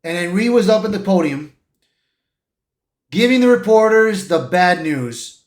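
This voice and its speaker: A man's voice: high-pitched, lively intonation, a little slow. A man casually recapping a film plot in a rambling way, with frequent restarts. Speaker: movie reviewer. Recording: echoey room.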